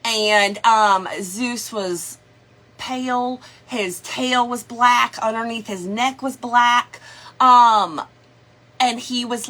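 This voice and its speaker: A middle-aged woman talks casually to her livestream viewers. Her voice sits a little high and sounds bright. She chats in a folksy way and greets people by name. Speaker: craft livestream host.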